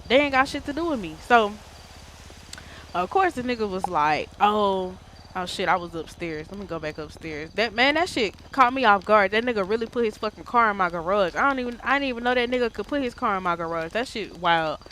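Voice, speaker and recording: A woman streamer telling a casual story time in an animated, slangy, profane way. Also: fairly high pitch, fairly quick, slight background noise.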